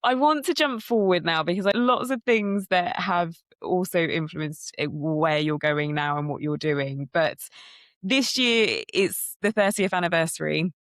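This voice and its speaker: A woman's voice: lowish voice, measured pace, no echo, studio quality. A woman hosting a podcast interview who affirms and admires her guest's story. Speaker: podcast host.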